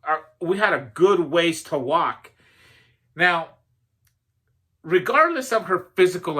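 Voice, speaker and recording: A man's voice: a little high, bright, forceful tone. A man giving a motivational talk, telling a personal story in a conversational way with self-deprecating humor and frequent fillers. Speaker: motivational speaker.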